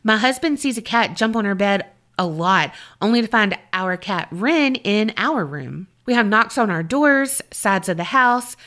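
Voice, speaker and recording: A woman's voice: mid-range voice, expressive, a little slow, hardly any pauses, a bit bright. A woman co-hosting a podcast, chatting casually, laughing easily and reading listener stories aloud. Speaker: podcast co-host.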